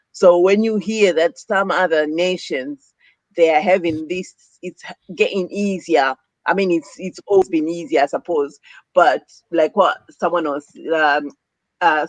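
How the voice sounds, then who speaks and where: A woman's voice: lowish voice, no echo. A woman speaking earnestly and encouragingly in an online group chat. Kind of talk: casual group discussion.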